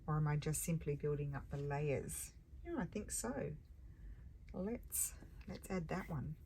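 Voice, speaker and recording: This crafting vlogger has a low, expressive voice and a measured pace, musing aloud while she crafts casually at her table. She corrects herself as she narrates, and crafting clicks sit in the clear background noise.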